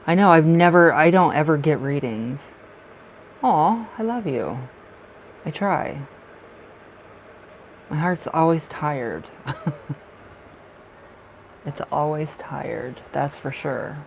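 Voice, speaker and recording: A man with a raspy smoker's voice doing tarot readings on a livestream, chatting in a rambling way and laughing often. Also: fairly high pitch, animated, slow pace, long pauses, a little hiss or hum, rough recording. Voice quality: raspy from smoking. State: short of breath at times. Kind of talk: casual livestream chat.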